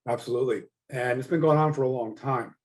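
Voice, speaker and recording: A middle-aged man who is a guest coach in an interview. He speaks in a reflective, measured way and often comes back to the same points. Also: medium pitch, poor audio. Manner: reflective, measured, repeats "again" and "yes". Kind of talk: conversational interview.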